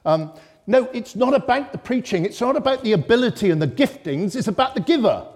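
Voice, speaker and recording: A man preaching a sermon in church, impassioned, swinging between loud exclamations and hushed reflection. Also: sits high, animated, brisk.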